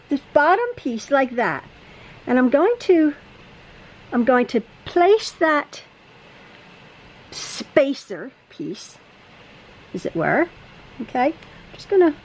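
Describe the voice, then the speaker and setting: A woman with a fairly high voice talks through a quilting step in her home sewing room. She chats as she goes, repeating herself and restarting words, a little out of breath. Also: poor audio. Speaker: quilting teacher. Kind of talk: casual sewing tutorial.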